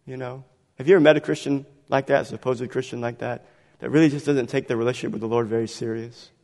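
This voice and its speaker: A man preaching a sermon as pastor, swinging between quiet, drawn-out lines and loud, pressing ones. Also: mid-range voice, steady tone, gravelly. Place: church sanctuary. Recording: long hall reverb.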